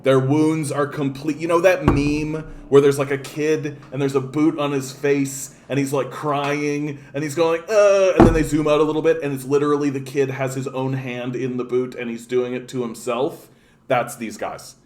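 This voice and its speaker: A man's voice: medium pitch, little pitch movement, moderate pace, background noise. Profane, scornful ranting man. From Canada. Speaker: political commentator. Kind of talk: angry political rant.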